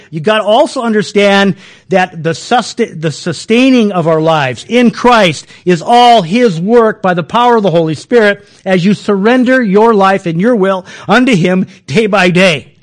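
High-voiced, folksy male preacher. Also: normal speed. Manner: folksy, chuckling, many restarts. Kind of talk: conversational sermon.

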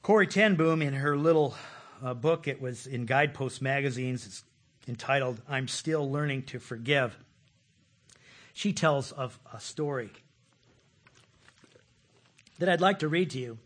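A man preaching a sermon, animated, repeating words, with sudden loud bursts. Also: mid-range voice, a little slow, long pauses. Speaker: pastor.

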